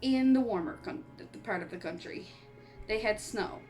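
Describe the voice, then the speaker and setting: A woman's voice: mid-range voice, moderate pace, a little mellow, faint music behind. A woman from Canada chatting casually in a horror movie review vlog, rambling and laughing often, and she has the hiccups. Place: home on an island in eastern Canada.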